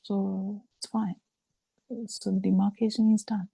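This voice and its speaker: A woman giving a slow, halting Buddhist dharma talk over a video call, with frequent fillers. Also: mid-range voice, flat delivery, creaky, mellow, breathy edge, no echo, poor audio. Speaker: Buddhist teacher.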